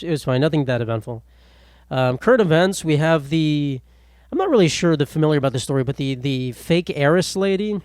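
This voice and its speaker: A man's voice: medium pitch, darkish tone, no echo. Rambling young man on a dry mic. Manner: rambling, self-deprecating, quick asides. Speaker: podcast host. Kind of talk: casual solo podcast monologue.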